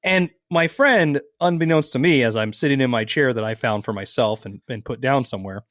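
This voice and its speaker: A man's voice: mid-range voice, fairly quick, no echo, studio quality. A man from Las Vegas co-hosting a podcast, telling stories in casual chat and swearing freely as he acts out what people said. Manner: animated storytelling, swears freely, acts out quotes. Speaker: podcast co-host.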